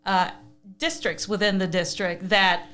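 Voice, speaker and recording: A woman's voice: mid-range voice, a little slow, fairly bright tone. A woman hosting a casual interview, enthusiastic and encouraging toward her guest. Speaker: podcast host.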